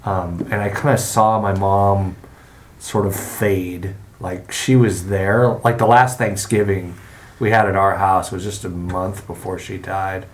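A middle-aged man hosting a podcast, speaking in a reflective, halting way with soft pauses. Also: low-pitched, a little hiss or hum. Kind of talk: casual podcast chat.

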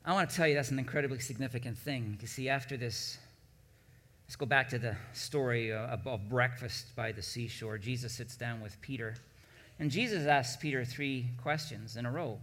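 A male pastor delivers a sermon, his voice sitting at an ordinary middle pitch. He moves between calm, low stretches and forceful, climbing emphasis. His words ring out with a long reverb, as if in a large church sanctuary. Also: moderate pace. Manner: preaching with swelling emphatic peaks.

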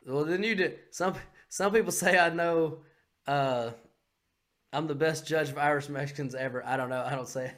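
A man hosting a podcast in a casual, profane, excitable chat who bursts into shouts. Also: a little high, moderate pace. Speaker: podcast host.

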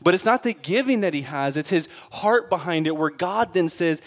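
Man, slightly high voice, casual sermon delivery that swells into emphatic points. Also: expressive, moderate pace, few pauses, long reverb tail. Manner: earnest, conversational preaching with rising emphasis. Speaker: pastor.

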